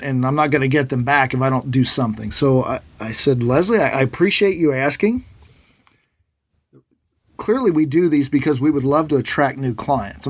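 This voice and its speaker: Husky-voiced man telling a story. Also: medium pitch. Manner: animated storyteller who acts out quoted voices. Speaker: financial planner and guest. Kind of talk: conversational storytelling.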